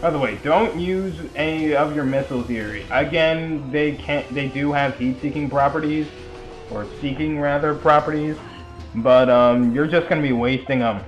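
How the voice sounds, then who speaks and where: A man's voice: a little high, moderate pace, faint music behind. A young man giving casual, rambling commentary over a video game, full of chatty asides and fillers. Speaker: let's play commentator.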